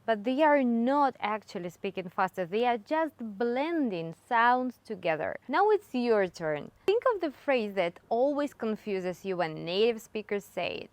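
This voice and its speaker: A woman whose first language is Spanish, giving a scripted English lesson with slow, emphatic demonstrations. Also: fairly high pitch, dry recording. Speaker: English teacher.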